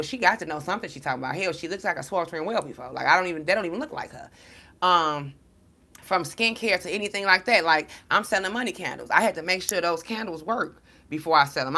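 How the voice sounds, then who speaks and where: A woman who reads tarot cards, talking straight to her followers in a blunt, profane, slang-heavy and animated monologue. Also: fairly low pitch. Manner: storytelling, addressing followers as y'all. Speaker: tarot card reader. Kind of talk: casual direct-to-camera monologue.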